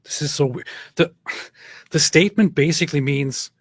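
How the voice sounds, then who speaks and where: This livestream host, a man in his thirties, answers chat messages casually but with sarcastic exasperation, saying things more than once. His voice sits fairly high, his pace is moderate, and there's no room sound.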